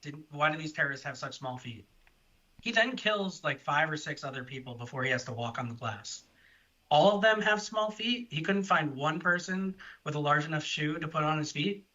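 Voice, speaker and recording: A man's voice: fairly high pitch, animated, normal speed, pushed and bright, muffled recording. A man talking as a podcast guest in a casual film chat, rambling and chatty with restarts.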